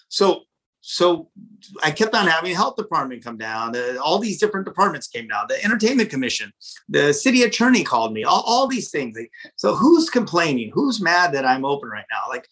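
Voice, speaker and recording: A man with a bright, forceful voice pitched a bit high tells a story in an interview. He is animated and swears freely, and he stumbles over repeated words when he gets heated. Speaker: restaurant owner. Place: his office.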